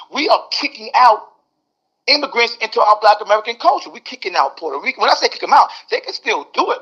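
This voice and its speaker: Older guy ranting on a podcast, high pitched and sharp, kinda muffled audio. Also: breathy edge. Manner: animated, mimics voices, repeats words. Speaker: guest. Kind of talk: heated podcast commentary. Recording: dull lo-fi audio.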